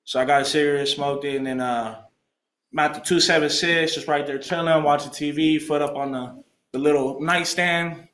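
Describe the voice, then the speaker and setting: In an echoey meeting room, a young man returns as an alumni speaker to tell a group about his recovery. His voice is a little high with a moderate pace, and he talks in animated, slangy street language, imitating the people he quotes.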